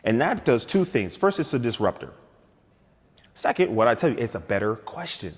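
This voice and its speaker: A man's voice: mid-range voice, moderate pace, slightly rough, big-room sound. A man talking as a guest sales coach on a talk show, telling stories with energy and acting out both sides of sales conversations. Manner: energetic, storytelling, acts out sales dialogues.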